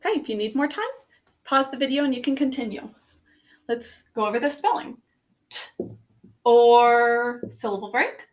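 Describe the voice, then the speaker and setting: A woman's voice: sits high, a little fast. A young woman, a teacher recording a spelling lesson for her students, patiently sounding out phonograms step by step.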